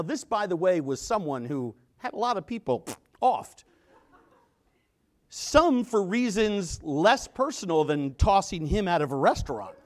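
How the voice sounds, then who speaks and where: A middle-aged man telling a story on stage at a conference and acting out the quotes. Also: on the high side. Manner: animated storyteller, acts out quotes. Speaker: conference speaker.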